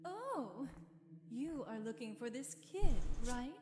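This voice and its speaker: Woman as a timid, high-voiced homeless cave dweller, stiff old-fashioned lines, video game NPC. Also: very animated, takes it slowly, darkish tone. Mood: guarded. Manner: timid, guarded. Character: homeless woman in a dark cavern. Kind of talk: video game character dialogue.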